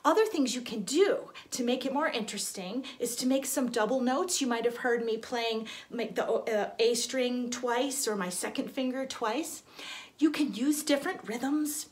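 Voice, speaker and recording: A woman violin teacher explaining in a studio, gentle and encouraging, with small restarts as she talks. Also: fairly high pitch, normal speed. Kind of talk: friendly instructional explanation. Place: recording studio.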